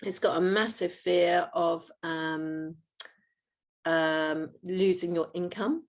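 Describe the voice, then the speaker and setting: A woman's voice: fairly low pitch, steady tone, takes it slowly. A middle-aged woman, a homeopath, explaining her work patiently in an interview, with many fillers and restarts.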